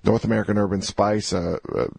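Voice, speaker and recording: A male radio host with a low, gravelly, husky voice delivers an emphatic monologue. He repeats phrases and slows down to stress words. The sound is close and dry, with no room around it. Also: fairly even intonation, darkish tone, dry recording. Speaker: radio talk show host.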